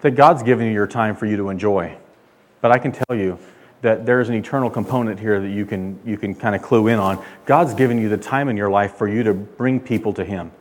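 A man's voice: fairly low pitch, fairly quick. Emphatic male pastor preaching. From California. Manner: emphatic preaching, loud when quoting God. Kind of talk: sermon.

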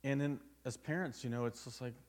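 A pastor preaches a sermon at a church service, sharing a personal story earnestly and conversationally. His voice is medium-pitched and darkish, and he speaks briskly.

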